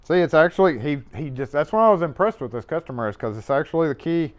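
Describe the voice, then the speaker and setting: Chatty man, rather high voice. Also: animated, fast. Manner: rambling, offhand, swears and chuckles while working. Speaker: locksmith livestream host. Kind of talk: casual live-stream chat. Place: locksmith shop. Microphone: mobile mic.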